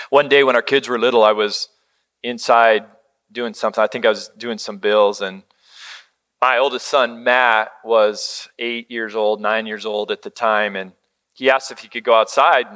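A middle-aged man preaching a sermon, telling a family story in a conversational way and dropping to a soft hush when he quotes words of comfort. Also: lowish voice, fairly even intonation, moderate pace, smooth. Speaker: pastor.

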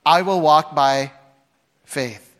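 A man preaching a sermon, with dramatic swings between loud, acted-out lines and hushed, quiet passages. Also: on the high side, slow pace. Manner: dramatic, acts out voices with big swings from shouting to hushed. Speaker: pastor.

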